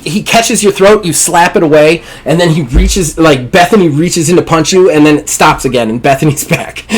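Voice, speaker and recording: A man narrating a tabletop game as game master, relaxed and halting. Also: a little high, a little hiss or hum.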